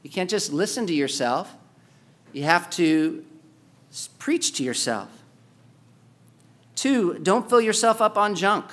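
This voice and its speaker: Male pastor, higher-pitched voice, sermon delivery that alternates between forceful urging and hushed storytelling. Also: lively intonation, takes it slowly, long pauses. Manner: emphatic, swings between loud exhortation and quiet storytelling.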